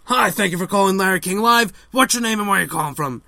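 A man doing an impression of an older male call-in radio host, slow and drawling, handing out random advice. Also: high voice, creaky, bright, forceful tone, no room sound, full character voice. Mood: droning. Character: older male talk-show host, rambling. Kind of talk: comedic impression sketch.

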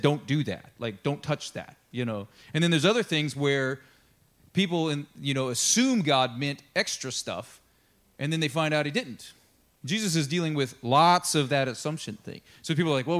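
A male pastor preaches in a loose, conversational way, voice pitched right in the middle. He keeps slipping into quick acted-out lines and asides between readings. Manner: conversational, animated, acts out quotes with laughs and asides. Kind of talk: casual sermon. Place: church sanctuary.

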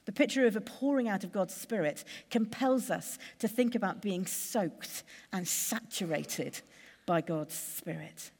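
A woman preacher giving a sermon in a measured, conversational way, building lists with steady pauses. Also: medium pitch, in a large hall.

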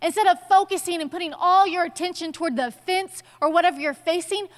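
A woman's voice: very high-pitched, fast, big-room sound. A young woman giving a casual, conversational sermon in a church, telling stories with chatty slang asides. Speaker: church speaker. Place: church sanctuary.

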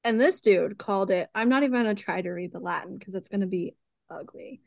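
A woman's voice: medium pitch, a little fast, creaky, darkish tone, dry recording. A woman co-hosting a podcast, explaining historical sources in a casual way and reading passages aloud. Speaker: podcast co-host presenting research.

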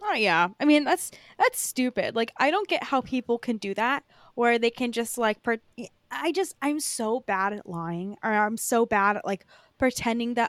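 A woman co-hosting a podcast, apologetic and quick to laugh in casual chat. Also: fairly high pitch, animated, no room sound. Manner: apologetic, laughs often, many "like" fillers. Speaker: podcast co-host.

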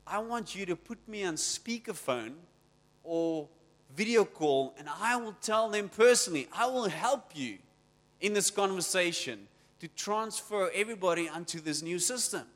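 Preacher doing a firm tech boss on a call, fairly high voice, hall reverb. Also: male voice, expressive, moderate pace, fairly bright tone. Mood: commanding. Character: company founder giving orders, older man.

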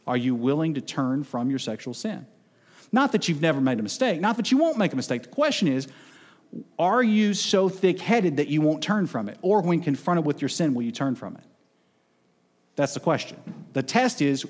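A man preaching a sermon as pastor, emphatic, swinging between loud outbursts and soft, low passages. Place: church sanctuary. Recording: long reverb of a large hall.

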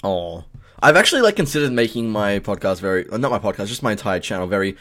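A man's voice: fairly low pitch, animated, quick pace, fairly bright tone. An Australian man hosting a podcast, talking in a rambling, casual way full of fillers and swearing. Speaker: podcast host and streamer. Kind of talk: casual chat.

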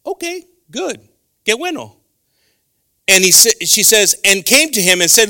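Middle-aged guy preaching in church, super lively up and down voice, bright sharp tone, flips english and spanish. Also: sits high, normal speed. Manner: animated, switches between English and Spanish, acts out dialogue. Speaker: pastor. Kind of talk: bilingual sermon. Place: church sanctuary.

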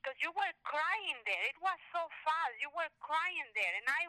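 High bright-voiced mother. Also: moderate pace, dry recording, poor audio. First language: Spanish. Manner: animated, acts out quotes, hesitant restarts. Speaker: mother telling a family story. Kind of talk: casual storytelling.

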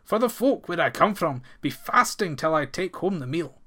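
Storybook hero, young, fearless, stern, man doing it pitched up and punchy. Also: animated, normal speed, a bit bright. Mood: insistent. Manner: old-fashioned thee-and-thou speech, stern. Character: bold hot-tempered young Highland lad.

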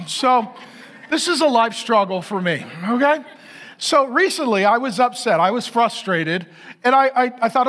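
A man's voice: very high voice, expressive, normal speed, a bit bright. A middle-aged man preaching a sermon, emphatic and repetitive, full of rhetorical questions. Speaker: pastor.

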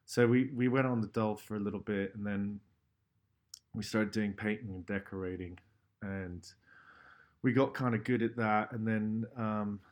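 A man's voice: lowish voice, steady tone, moderate pace. A middle-aged man, telling stories about his graffiti career with a lot of swearing and fillers. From London, England. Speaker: graffiti artist guest. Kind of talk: casual storytelling.

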